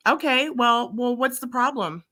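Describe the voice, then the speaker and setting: Crowd noise can be heard as an American woman hosts a livestream, arguing heatedly with profanity and confrontation and repeating herself. She speaks unhurriedly in a voice that is a little high.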